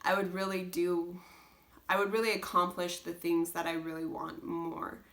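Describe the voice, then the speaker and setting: A woman's voice: fairly low pitch, little pitch movement, normal speed, a bit bright. A young woman talking casually as a homeschooling mom, earnest and rambling, full of restarts and "like". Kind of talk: casual chat.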